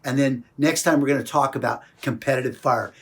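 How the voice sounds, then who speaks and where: A man's voice: medium pitch, fairly even intonation, fairly quick. A man coaching through an emphatic motivational talk, pressing the viewer with repeated questions.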